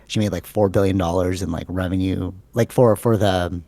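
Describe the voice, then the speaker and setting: Gravelly low-voiced man, rambling podcast chat. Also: fairly even intonation, normal speed, warm tone, dry recording. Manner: rambling, filler-heavy, says "like" and "bro" a lot. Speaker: podcast co-host.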